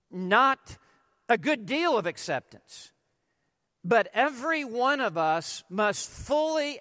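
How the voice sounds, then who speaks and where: A man preaching an expository sermon, emphatic and deliberate, asking rhetorical questions and stressing key words. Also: high voice, pushed and bright, in a large hall. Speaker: pastor.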